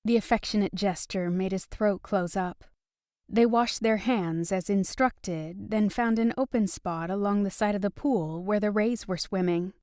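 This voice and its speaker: A woman narrating a romance audiobook in an even, steady storytelling manner. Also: medium pitch, measured pace, no room sound, clean studio sound. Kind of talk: scripted narration.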